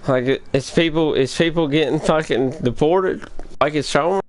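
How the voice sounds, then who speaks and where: A man's voice: a little high, normal speed. A young man, rambling and swearing as he talks straight to his live-stream chat during a game. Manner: rambling, profane, addresses chat directly.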